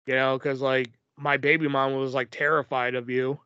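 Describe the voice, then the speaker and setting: A man's voice: medium pitch, little pitch movement, normal speed, pushed and bright, smooth, dry recording. A man hosting a podcast, telling stories in casual chat, rambling and swearing with lots of fillers. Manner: profane, rambling, filler-heavy. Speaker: podcast host. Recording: dull lo-fi, dry.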